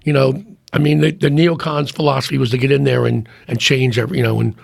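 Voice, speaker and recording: A man's voice: mid-range voice, little pitch movement, quick pace, gravelly, no echo, clean studio sound. A middle-aged man, a podcast guest, talking in casual conversation and rambling with many restarts. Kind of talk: casual chat.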